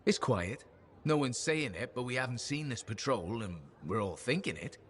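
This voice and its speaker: Friendly, chatty colleague with a proud streak in a game, voiced by a man; mid-pitched, easy tone. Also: expressive, normal speed, close to an everyday voice. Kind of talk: video game dialogue.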